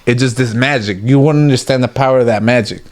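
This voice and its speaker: A man, a guest in a casual interview, telling stories in an animated way, full of "like" and "you get what I'm saying". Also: mid-range voice, fast talker.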